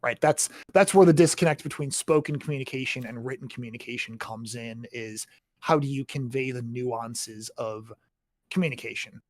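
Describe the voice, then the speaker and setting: A man's voice: mid-range voice, normal speed, dry recording. Dry-sounding man explaining at length. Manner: explanatory, keeps adding tag questions. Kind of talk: casual chat about writing.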